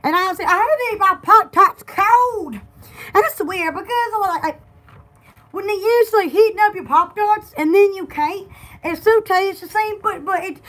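A woman co-hosting a casual store livestream, rambling excitedly, laughing often and repeating words. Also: very high voice, moderate pace.

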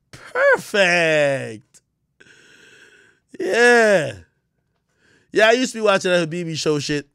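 A man streaming live, telling crude stories in loud, laughing casual chat with sudden yelps. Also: high voice, huge pitch swings, very slow, vocal fry, pauses often, clear, resonant tone, no room sound, clean studio sound.

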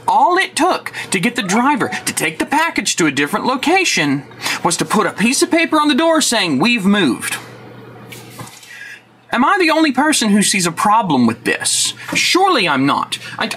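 A man's voice: high-pitched, bright, forceful tone, slight background noise. A man vlogging a frustrated, sarcastic and profane rant about a delivery mix-up. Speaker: tech vlogger. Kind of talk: angry rant to camera.

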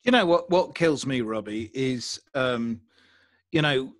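An older man from England with a neutralized, mid-Atlantic English accent, telling stories in an animated way as a guest on a podcast. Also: mid-range voice, measured pace, no echo. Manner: animated storyteller, breaks into mock radio DJ voice. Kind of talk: casual podcast conversation.

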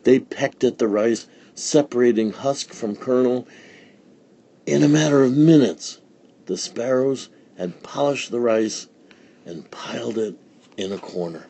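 A man reading a children's picture book aloud in a slow, deliberate storytelling manner. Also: mid-range voice, mellow, breathy edge. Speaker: storybook reader.

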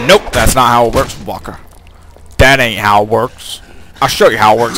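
A man's voice: medium pitch, lively intonation, moderate pace, gravelly, a bit bright, a little hiss or hum. A man doing let's play commentary, goofy and joking, talking back to the enemies on screen. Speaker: gameplay commentator.

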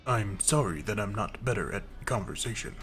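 A man's voice: lowish voice, expressive, brisk. A young man giving crude, joking commentary while playing a video game. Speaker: let's play commentator. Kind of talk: comedic gameplay commentary. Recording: game music behind voice. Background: game music.

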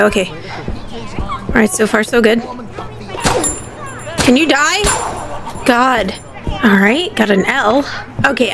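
A woman's voice: fairly high pitch, gravelly. A woman giving horror game commentary, panicky, yelping and talking to herself. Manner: panicky, yelps and rambles to herself. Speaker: gaming commentator.

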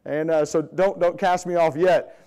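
A man's voice: fairly high pitch, fairly even intonation, normal speed, a little mellow. A middle-aged man, an evangelist from Illinois who grew up in the South, speaking in a church and telling folksy, self-deprecating stories. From Illinois, raised in the US South. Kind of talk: sermon introduction, storytelling. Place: church sanctuary.

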